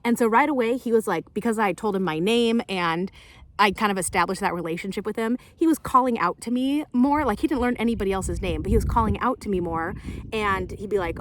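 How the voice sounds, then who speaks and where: Young female vlogger, casual and animated, medium pitch, handheld camera with light hiss. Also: a little fast. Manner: chatty and animated, laughing often. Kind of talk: casual vlog chat. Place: outdoors and in a car.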